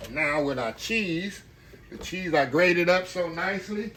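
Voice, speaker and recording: A man's voice: a little high, pushed and bright, slight background noise. A man giving a casual cooking demonstration, chatting to his viewers and calling them y'all. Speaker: home cook hosting a cooking channel.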